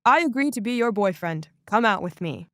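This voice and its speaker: Brief: woman doing a cocky young guy, slightly lowered voice, animated storybook, dry. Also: moderate pace, no room sound. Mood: pushy. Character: pushy young man at the door.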